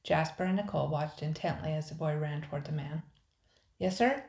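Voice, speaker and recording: An older woman, a grandmother, narrating a children's storybook in a steady, expressive reading. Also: sits low, quick pace, creaky. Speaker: storybook reader. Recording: echoey room.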